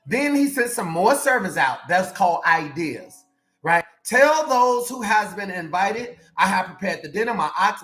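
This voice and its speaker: A man in the role of a life coach, giving an animated, preachy motivational sermon with repeated calls to his listeners. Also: high-pitched. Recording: echoey room with faint music.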